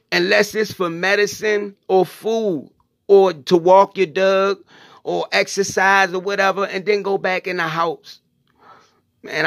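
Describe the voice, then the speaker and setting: A man's voice: a little high, creaky, fairly bright tone, no echo, clean studio sound. A middle-aged man hosting his own channel, speaking casually and earnestly to his viewers, rambling with many fillers and saying "y'all". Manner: informal Southern US speech with 'y'all' and 'ain't'. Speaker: channel host.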